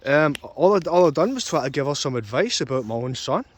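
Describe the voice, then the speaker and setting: A man's voice: fairly high pitch, big pitch swings, fast talker. A young man ranting angrily and repetitively about a custody dispute, swearing often. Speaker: vlogger. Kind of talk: angry personal rant.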